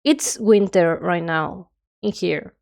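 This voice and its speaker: A woman's voice: on the low side, slow, vocal fry, darkish tone. A young woman streamer chatting casually and rambling nonstop while she draws, her nose stuffy. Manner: rambling, chatty, self-described yapping.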